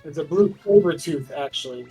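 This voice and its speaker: Man, high pitch, nerdy lore explainer, casual gaming chat. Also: lively intonation, a little fast, over music.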